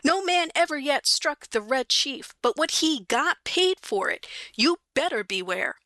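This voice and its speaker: Woman reading a high-pitched bratty boy, defiant and sulky. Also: expressive, a little slow, sharp tone, no echo, exaggerated voice. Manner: cocky and threatening, then sullen.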